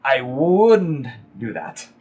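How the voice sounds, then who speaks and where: A man's voice: medium pitch, very animated, drawn-out words, darkish tone, breathy edge, dull audio, exaggerated voice. A man voicing a blunt, sardonic dwarf woman in a tabletop game. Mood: chatty. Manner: scolding, mocking, chatty.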